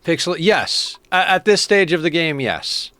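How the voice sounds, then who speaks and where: A man streaming a game, chatting casually and thinking out loud to his viewers. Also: a little high, expressive, measured pace, slight background noise. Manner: chatty, thinks aloud and talks to chat. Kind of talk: casual live-stream commentary.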